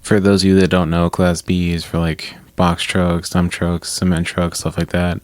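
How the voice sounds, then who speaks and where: A man's voice: low-pitched, level tone, normal speed, no room sound. A man co-hosting a casual podcast, laid-back, chiming in with short asides and explanations. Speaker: podcast co-host. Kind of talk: casual chat.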